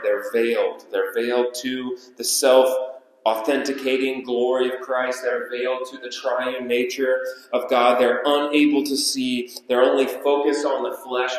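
A man preaching a sermon as pastor, with emphatic delivery that repeats key phrases and slows down for weight. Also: mid-range voice, flat delivery. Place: church sanctuary. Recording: echoey church hall.

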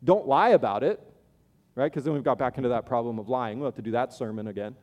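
A man's voice: medium pitch, fast talker, big-room sound, dull audio. A man preaching a sermon as pastor, conversational, with playful asides and acted-out voices of the people he describes.

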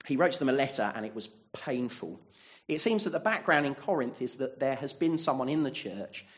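Man giving a sermon, earnest, rhetorical questions, voice rises and falls a lot, church. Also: mid-range voice. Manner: earnest, asks the congregation many rhetorical questions. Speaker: preacher.

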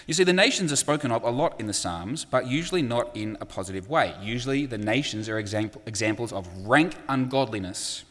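A man's voice: medium pitch, expressive, a little fast, hardly any pauses, fairly bright tone, in a large hall. A man preaching a sermon in a conversational way, with frequent fillers and acted-out quotes.

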